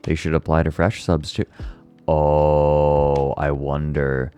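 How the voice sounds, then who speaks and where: A man casually chatting with viewers on a livestream, laid-back, a little hoarse, swearing now and then. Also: rumbling low, slow pace, faint music behind. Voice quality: slightly hoarse relaxed voice.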